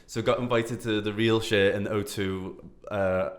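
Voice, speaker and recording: A man co-hosting a casual podcast, telling lively anecdotes and acting out what people said. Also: fairly low pitch, normal speed, reverberant. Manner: lively anecdotes, animated quoting. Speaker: podcast co-host.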